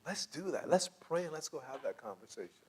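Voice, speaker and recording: A man's voice: on the high side, brisk, breathy edge. A man leading a church conflict class, teaching conversationally and acting out quoted voices with frequent laughs. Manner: animated, acts out quoted voices, laughs often.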